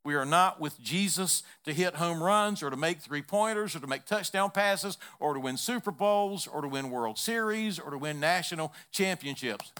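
A male preacher with a bright, forceful tone and a slightly high voice. He builds long, emphatic lists and often drops suddenly to a hush. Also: expressive, normal speed, hardly any pauses, clean tone. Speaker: pastor. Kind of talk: sermon.

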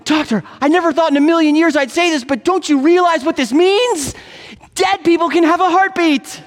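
A preacher voicing a calm, stubborn patient who insists he is dead, speaking matter-of-factly in a long reverberant hall. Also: high voice, normal speed.

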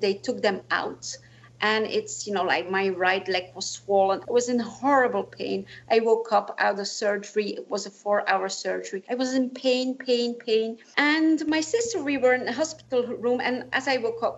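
A woman's voice: fairly high pitch, poor audio. A woman in her forties, a guest telling a personal story in earnest, reflective talk full of "you know, like". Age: 40s. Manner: earnest, reflective, slightly non-native phrasing with "you know, like".

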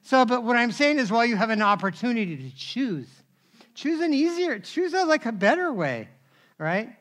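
Male pastor, high and bright, animated storytelling sermon, keeps asking the congregation to respond. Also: normal speed. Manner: animated, conversational, asks the crowd for responses. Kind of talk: sermon with personal stories.

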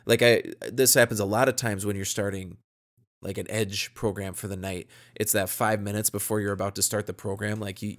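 A man in his thirties co-hosting a podcast for church workers, explaining communication tips in an earnest, practical, casual way. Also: fairly low pitch. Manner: earnest, practical, acts out short sample dialogues. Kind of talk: casual instructional podcast talk.

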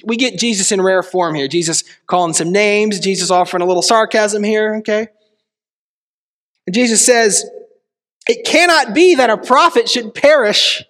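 High-voiced preacher in a reverberant hall. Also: male voice. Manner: emphatic preacher, repetitive rhetorical questions. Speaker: pastor. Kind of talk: sermon. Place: small church. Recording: long reverb of a church hall.

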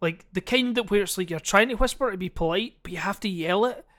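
A man's voice: high-pitched, fast talker. A man with a Scottish accent talking in casual, sweary chat as a podcast co-host. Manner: sweary, laughing, animated.

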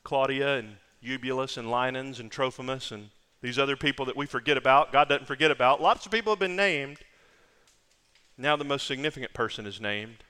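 A man's voice: medium pitch, brisk, bright, forceful tone, clean tone, in a large hall. A man preaching a sermon as pastor, emphatic, repeating phrases for stress.

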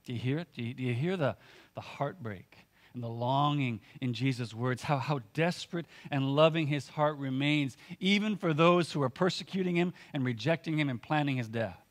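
A male pastor delivers a sermon in an earnest, conversational way. He talks through his points with casual filler words and quick restarts, at an ordinary mid pitch.

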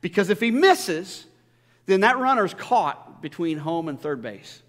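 A man's voice: high-pitched, big pitch swings, unhurried, a bit bright. A male pastor giving a conversational, emphatic sermon full of stories. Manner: conversational, emphatic preaching with storytelling. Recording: long reverb of a large church hall.

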